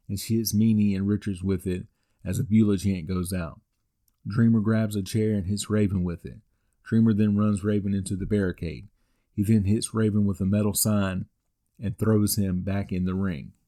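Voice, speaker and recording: A man in his forties, a wrestling podcast host, narrating a scripted recap in steady play-by-play with dry asides. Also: fairly low pitch. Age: 40s.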